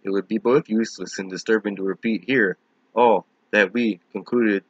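Male reader, lowish voice, solemn measured horror narration; dull lo-fi recording. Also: steady tone, breathy edge, dry recording. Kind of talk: horror story reading.

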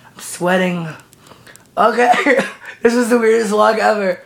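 A man giving a casual vlog update with a hoarse voice that is still recovering. He sounds out of breath, and he rambles and giggles, often restarting his sentences. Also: high-pitched, flat delivery, moderate pace, fairly bright tone. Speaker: vlogger.

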